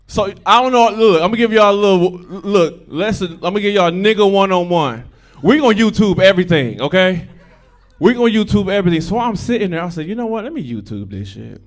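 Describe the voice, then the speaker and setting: A man with a fairly high voice works a comedy club stage on a handheld mic. His delivery is profane and repetitive. He jumps from loud punchy bursts down into low, mumbled asides. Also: a little fast. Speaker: stand-up comedian. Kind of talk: stand-up comedy set.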